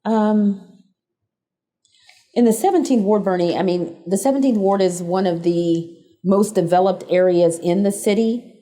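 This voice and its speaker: A woman being interviewed as a political candidate on a TV talk show, speaking in a measured, plain-spoken way. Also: mid-range voice, mellow. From United States. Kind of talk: interview answers.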